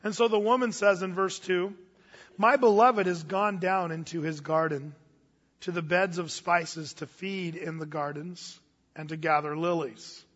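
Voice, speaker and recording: High-voiced man preaching in a reverberant hall. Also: steady tone, unhurried, fairly bright tone. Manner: conversational, folksy, with asides and restarts. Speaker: pastor. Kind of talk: sermon. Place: church hall. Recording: dull audio with long reverb in a church hall.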